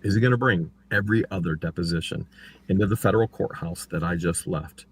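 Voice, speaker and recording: With a fast, creaky voice and a little hum in the audio, a man discusses his court case in laid-back livestream chatter. He animatedly imitates what others told him, jumping sharply in pitch.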